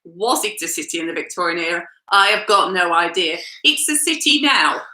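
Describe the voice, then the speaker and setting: A mother hosting a casual family quiz at home, brisk and teasing. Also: on the low side, expressive, bright, forceful tone, reverberant.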